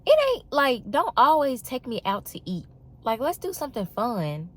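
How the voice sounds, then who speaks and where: A woman's voice: fairly high pitch, very animated, moderate pace. A young woman, talking casually and emphatically to the camera, with an exasperated storytelling manner. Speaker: vlogger.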